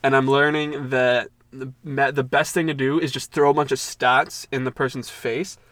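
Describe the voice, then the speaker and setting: Young guy on a podcast, chill and crude, laughs a lot, mid-pitch voice. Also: flat delivery, moderate pace, a bit bright, no echo. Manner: laid-back, crude, laughs often. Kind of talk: casual storytelling chat.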